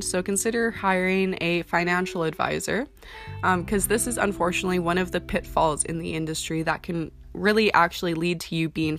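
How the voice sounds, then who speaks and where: A woman's voice: lowish voice, gravelly. A young woman who works as a model, giving casual career advice in a chatty way, full of ums and likes. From Canada. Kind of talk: casual talking-to-camera advice. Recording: soft guitar music underneath.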